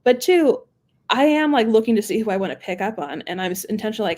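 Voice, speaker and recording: A woman sales executive in casual interview chat, animated, laughing often and acting out quoted phone calls. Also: medium pitch, fast.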